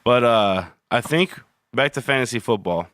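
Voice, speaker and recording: A man's voice: medium pitch, animated, moderate pace, a bit bright, dry recording. A man co-hosting a podcast, chatting casually about fantasy football and baseball, rambling and swearing freely with easy laughs. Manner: rambling, profane, laughs easily. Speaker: podcast co-host. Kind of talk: casual chat.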